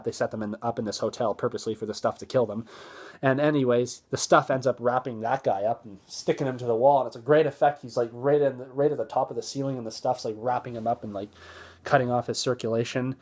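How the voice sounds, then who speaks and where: Rambling casual movie reviewer, man. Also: mid-range voice. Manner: rambling, many fillers and restarts, acts out quoted lines. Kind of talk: casual plot recap.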